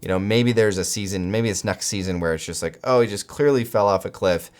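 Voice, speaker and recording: An American man hosting a football channel, giving solo commentary with animated, incredulous outbursts. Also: lowish voice, brisk.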